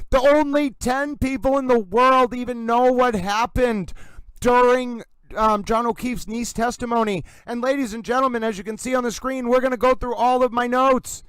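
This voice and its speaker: A young man hosting a casual livestream, chatty and excitable, rambling and wired from caffeine. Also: very high voice, clean tone, no echo, poor audio. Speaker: livestream host.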